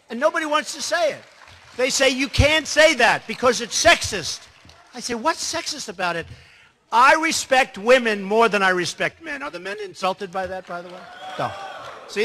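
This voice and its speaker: A man's voice: very high-pitched, bright, forceful tone. A man giving a rambling, boastful campaign speech, full of asides to the crowd. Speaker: political candidate. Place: large hall. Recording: reverberant hall.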